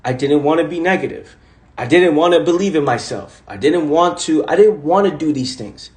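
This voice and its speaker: A man's voice: a little high, expressive, normal speed, a little mellow. A man in his twenties giving a casual live-stream monologue, intense and full of repeated rhetorical questions and swearing. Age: 20s. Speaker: motivational speaker on a live stream. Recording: echoey room.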